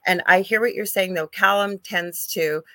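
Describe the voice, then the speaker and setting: A woman's voice: medium pitch, steady tone, moderate pace, pushed and bright, no room sound. A woman co-hosting a live paranormal chat show, talking casually with many restarts and fillers. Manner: chatty, frequent restarts and fillers. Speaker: co-host, psychic medium.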